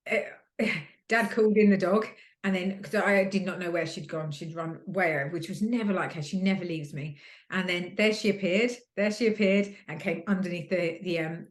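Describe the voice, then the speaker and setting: A woman's voice: fairly low pitch, fairly even intonation, normal speed. Woman chatting in an echoey room. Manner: rambling, many fillers and restarts. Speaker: guest, host's sister. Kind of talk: casual chat.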